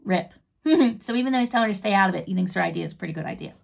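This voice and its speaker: A woman's voice: medium pitch, animated, racing, vocal fry, a little hiss or hum. A middle-aged woman reading a children's book aloud, chatting about the pictures and explaining the story as she goes. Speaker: read-aloud narrator for children.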